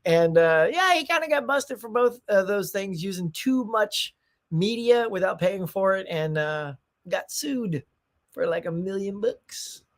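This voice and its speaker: A man's voice: sits high, animated, measured pace. A middle-aged man hosting a casual morning livestream, chatty and upbeat, greeting viewers by name with frequent laughs and restarts. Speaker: livestream host.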